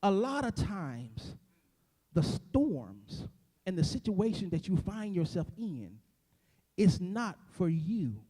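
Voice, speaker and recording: High-voiced preacher with lively whooping cadence. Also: male voice, slow, breathy edge. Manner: whooping, rising to shouted chanted cadence; call-and-response repetition. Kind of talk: sermon.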